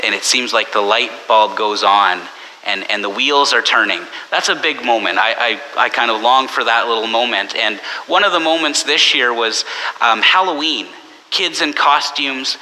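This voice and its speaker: Bright-voiced pastor in a reverberant church. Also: male voice, medium pitch. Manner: conversational, anecdotal, with animated quoted voices. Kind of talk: sermon. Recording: long church reverb with faint hiss.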